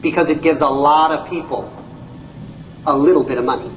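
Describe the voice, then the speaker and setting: A man, a company CEO, giving an animated training talk to an audience, telling stories and acting out people's reactions with folksy exclamations. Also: a little high, brisk, slight background noise. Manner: storytelling, acts out voices, folksy exclamations. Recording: echoey room, speaker far from mic.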